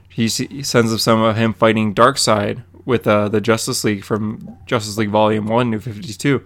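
A man's voice: on the low side, flat delivery, moderate pace. A man co-hosting a podcast, recapping a comic issue in a rambling, casual way with lots of fillers and quoted dialogue. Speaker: podcast co-host.

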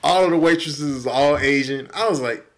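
Animated, profane podcast storyteller man. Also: fairly high pitch, moderate pace. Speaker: podcast co-host. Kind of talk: casual storytelling chat.

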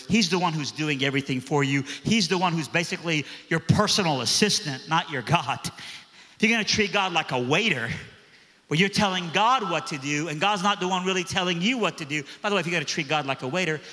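A man's voice: on the high side, pushed and bright. A man preaching a sermon, telling a story in a conversational way with frequent restarts. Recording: echoey hall.

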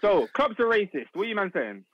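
A man's voice: high-pitched, big pitch swings, brisk, highs cut off, heavy background noise. A man, co-hosting a casual sports chat, slangy and steering the talk. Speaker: podcast co-host.

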